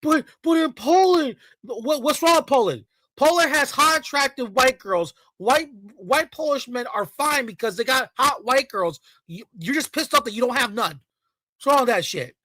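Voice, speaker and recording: Profane ranting man, sharp bright voice. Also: very high-pitched, animated, normal speed, no echo, low-quality recording. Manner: heated, profane, repetitive ranting; mocking, sarcastic asides. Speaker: commentator. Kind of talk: reaction commentary rant.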